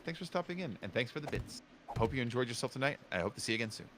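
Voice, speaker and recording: Animated young man streaming a game. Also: medium pitch, very fast, a little hiss or hum. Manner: animated, jokey storytelling with acted quotes. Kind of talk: casual gaming stream chat.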